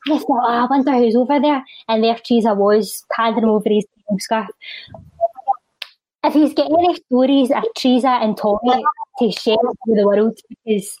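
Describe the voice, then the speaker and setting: A woman with a Scottish accent reciting a spoken word poem and chatting as a charity guest, rhythmic in recital and quick in conversation. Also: a little high, mellow, dry recording, low-quality recording.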